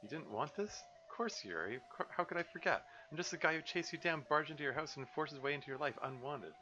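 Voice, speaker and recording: A man's voice: fairly high pitch, lively intonation, fast talker, pushed and bright, faint music behind, voice pushed up. A man reading a pushy, sarcastic young man. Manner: insistent, sarcastic. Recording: dull lo-fi recording.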